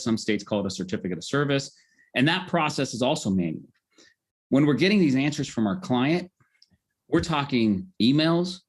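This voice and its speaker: Upbeat man explaining legal software. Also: medium pitch. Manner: explanatory, upbeat, tags points with "right?". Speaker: legal tech founder, guest. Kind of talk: conversational podcast interview.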